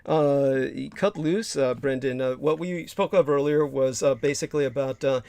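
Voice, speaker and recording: A man hosting a casual livestream chat, hoarse from losing his voice, talking haltingly with many fillers and restarts. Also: mid-range voice, a little mellow, no room sound. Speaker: livestream host.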